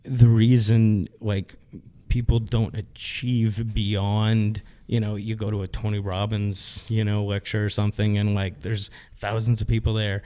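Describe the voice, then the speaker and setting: A man with a warm, mellow, fairly low voice chats casually on a podcast. He muses aloud and fills his sentences with "you know". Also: little pitch movement, unhurried, hardly any pauses. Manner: musing, filler-heavy, says "you know" often.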